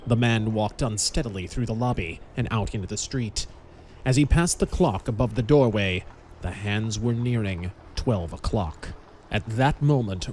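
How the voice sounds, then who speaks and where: A man narrating a pulp audiobook in a measured, dramatic storytelling manner. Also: medium pitch, no echo.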